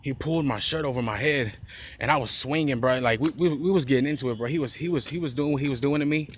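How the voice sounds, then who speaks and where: A man's voice: mid-range voice, fast. A man telling a personal story in a loose, rambling way, heavy on profane slang, restarts and "bro", recorded outdoors on a phone. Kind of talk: casual storytime monologue.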